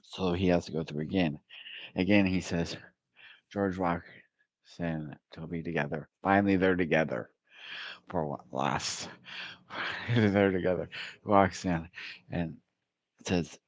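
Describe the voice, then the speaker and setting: A man telling a personal faith story in a rambling, halting way, with many fillers and little chuckles. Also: low voice, dry recording.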